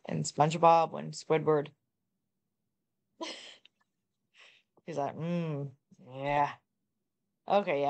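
A woman giving casual, joking gameplay commentary, blunt and quick to swear. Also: deep voice, gravelly, a little mellow. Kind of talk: casual let's-play commentary.

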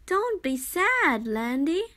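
A kind, motherly sheep from a children's storybook, as a woman reading aloud puts her on. Her voice is high and soft, with slow, comforting phrasing. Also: very animated, heavily acted.

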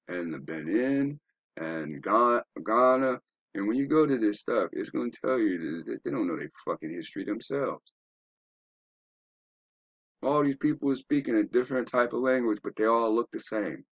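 Deep-voiced man ranting, dull dry recording. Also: no echo. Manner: profane, rambling, preachy with rhetorical questions. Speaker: online commentator. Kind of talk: ranting commentary while browsing web pages.

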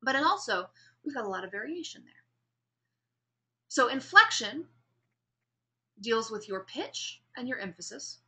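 A woman lectures a class on public speaking in a bright, ringing voice pitched a little high. She explains each idea and then demonstrates it, slowing down and pausing to show what she means. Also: sing-song. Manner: explanatory, demonstrates pace and pauses while speaking.

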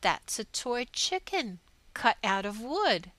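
A woman voicing gentle nurse, quiet, easy, bright, dry. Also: on the high side, very animated, takes it slowly, no room sound, heavily acted. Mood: calm.

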